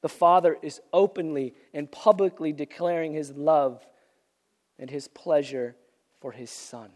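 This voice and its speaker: A man's voice: on the high side, unhurried, a little mellow. A man preaching a sermon, earnest and repeating phrases for emphasis, losing his voice from a cold. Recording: long reverb of a large hall.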